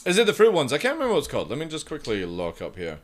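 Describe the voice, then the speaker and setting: A man's voice: a little high, wildly swooping pitch, very fast. A young man chatting casually with his stream viewers, rambling and swearing freely as he reads chat aloud. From United Kingdom. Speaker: live streamer.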